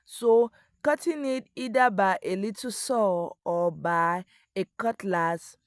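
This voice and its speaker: A woman's voice: medium pitch, slow, dry recording. A woman explaining how to plant crops in an earnest instructional voice-over, speaking straight to the viewer. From Africa. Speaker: agriculture video host. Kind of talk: voice-over explaining crop farming.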